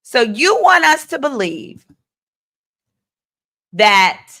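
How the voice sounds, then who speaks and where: A woman attorney hosting a live stream, giving sassy, animated legal commentary and talking straight to her viewers. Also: on the high side, extremely slow.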